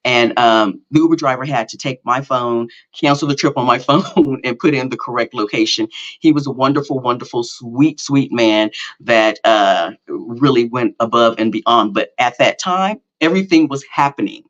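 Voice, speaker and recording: Middle-aged man, podcast host, rambling casual storytelling, mid-pitched voice, slightly muffled lo-fi audio. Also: normal speed. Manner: rambling, with many fillers and self-corrections; animated, self-mocking storytelling.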